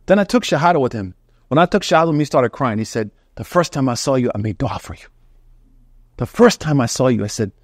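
Animated preacher man, dry close sound. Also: medium pitch, no echo. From Oklahoma, USA. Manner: animated storytelling with slang and humor. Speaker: Muslim preacher. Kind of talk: lecture to a congregation.

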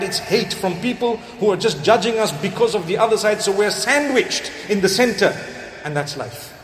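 A high-pitched man delivers a sermon, telling stories and weaving Arabic quotations and prayers into his talk. His voice rings through a large, echoey hall, with faint ambience behind him. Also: slight background noise. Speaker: preacher.

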